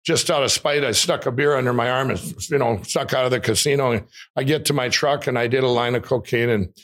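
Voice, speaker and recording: An excitable man telling a rambling personal story as an interview guest, often laughing while he talks. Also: medium pitch, fairly quick. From Minnesota. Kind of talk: animated storytelling.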